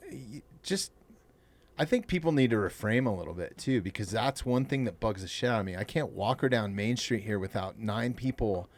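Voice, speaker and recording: Frank low-voiced man, podcast host. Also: expressive, moderate pace. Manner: loose and frank, swears casually. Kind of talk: casual chat.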